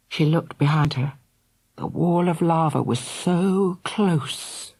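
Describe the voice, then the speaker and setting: A woman narrating a children's audiobook in a dramatic, expressive way. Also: low-pitched, slow, husky. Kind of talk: scripted narration.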